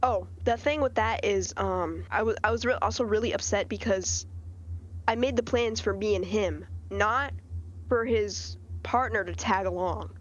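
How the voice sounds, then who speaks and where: A teenage girl telling a story as a podcast guest in casual chat, animated and acting out what people said. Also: mid-range voice, moderate pace, highs cut off. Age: teens. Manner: animated, quotes people in changing voices.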